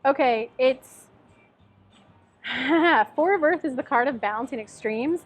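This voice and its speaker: A woman's voice: high-pitched, slow pace, slightly rough, soft background music. A woman giving a casual tarot reading in a chatty, encouraging way, with lots of "like" and "um". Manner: chatty, encouraging, many fillers. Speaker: tarot reader. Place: lives in Tennessee.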